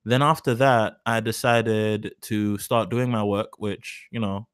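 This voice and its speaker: A man's voice: lowish voice, steady tone, takes it slowly, clear, resonant tone, dry recording, clean studio sound. A young man in his twenties hosting a live stream, talking in a rambling, profane, self-mocking way on a cheap mic. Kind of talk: casual live stream chat. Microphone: cheap mic said to sound bad.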